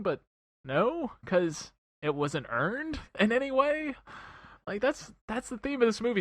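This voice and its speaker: Guy on a movie podcast, snarky, curses a lot, kinda high voice. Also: a bit bright, no echo, studio quality. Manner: sarcastic, swears, mimics movie lines. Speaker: podcast co-host. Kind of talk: casual film-review chat.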